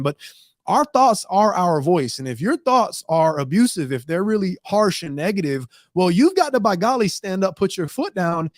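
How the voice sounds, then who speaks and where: A man's voice: high voice, a little mellow, no echo, studio quality. A man hosting a talk show segment, speaking in an earnest, emphatic, plain-spoken way about how people talk to themselves.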